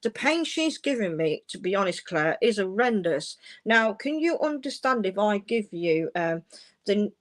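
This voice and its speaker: A woman's voice: medium pitch, very animated, measured pace. Woman giving a reassuring psychic reading. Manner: warm, reassuring, uses endearments like darling and my love. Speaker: medium giving live readings. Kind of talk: live-streamed psychic reading.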